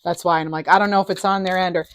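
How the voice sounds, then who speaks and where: A middle-aged woman giving a casual tarot reading, enthusiastic and animated, her voice rising and falling in loudness. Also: fairly low pitch, racing, slight background noise. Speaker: tarot reader.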